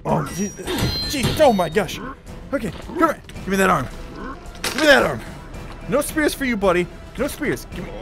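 A young man giving excitable, playful commentary while playing a virtual reality game, talking to the enemies as he fights them. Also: high voice, vocal fry. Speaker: gaming YouTuber.

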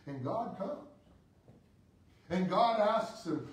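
A man, a priest, delivering a sermon with slow, dramatic preaching that rises and falls sharply. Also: high voice. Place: church. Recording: echoey church, voice from far off.

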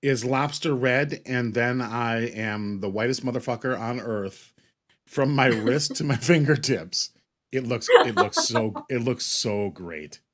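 A man's voice: medium pitch, unhurried. A middle-aged man telling a rambling, joking story in a casual chat, swearing freely. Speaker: co-host.

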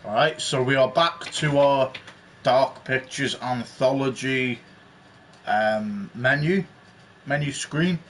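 A man's voice: mid-range voice, takes it slowly, fairly bright tone, a little hiss or hum. A man hosting a game walkthrough, explaining the menus in a rambling, casual way. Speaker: gaming channel host. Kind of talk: let's play commentary.

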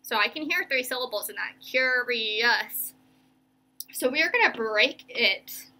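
A young woman teacher giving a remote reading lesson to children, slowly stretching out each word as she sounds it. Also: sits high, expressive, bright, forceful tone. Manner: slow, stretched-out sounding of words.

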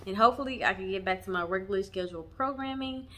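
A young woman chatting to her viewers, warm and emotional, often saying y'all. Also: mid-range voice, very fast, slight background noise. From Texas. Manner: emotional, near tears at times. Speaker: vlogger. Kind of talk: casual chat. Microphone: camera mic on tripod.

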